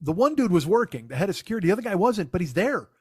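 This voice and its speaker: A male stand-up comedian rattles through a profane story at a quick clip. His voice sits a little high and stays exasperated, and the sound is dry and close to the mic. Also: big pitch swings, darkish tone, husky, no room sound.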